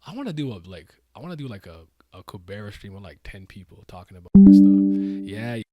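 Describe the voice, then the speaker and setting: A young man streaming live, reacting to a comic he reads aloud, excitable and full of profane slang. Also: medium pitch, fairly quick, no room sound, dull audio, faint music behind.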